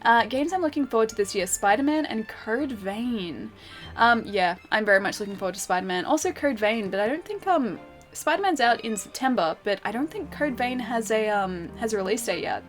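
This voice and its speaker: A woman's voice: fairly high pitch, expressive, fairly quick. Chatty, giggly woman streamer. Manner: chatty and giggly, lots of fillers and asides. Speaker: streamer playing a game. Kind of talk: casual gameplay chat, reading chat aloud. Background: faint game music.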